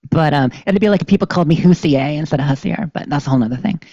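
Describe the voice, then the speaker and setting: A rambling, chatty podcast co-host with a mellow, darker tone, full of ums and little laughs. Dry, slightly dull recording from a home streaming setup. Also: medium pitch, expressive, very fast, breathy edge, no room sound. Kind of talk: casual podcast chat.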